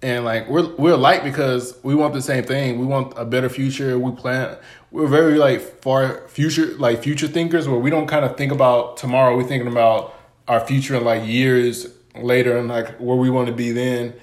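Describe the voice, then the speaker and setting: A man's voice: mid-range voice, fairly even intonation, normal speed. Rambling laid-back man on a podcast. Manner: loose, rambling, lots of "like" fillers, laughs at his own stories. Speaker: podcast co-host. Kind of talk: casual podcast chat.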